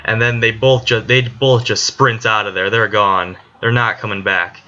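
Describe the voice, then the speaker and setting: Bright-voiced man retelling a story casually. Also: on the low side, little pitch movement, normal speed. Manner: rambling retelling full of "like" fillers. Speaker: student presenting a book chapter summary. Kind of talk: casual spoken summary. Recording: dull lo-fi recording with faint music.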